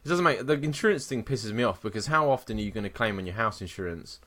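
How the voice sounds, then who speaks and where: A man co-hosting a podcast, telling a story in a sweary, animated way and mocking the people he quotes. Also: fairly low pitch, quick pace. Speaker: podcast co-host. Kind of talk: casual chat.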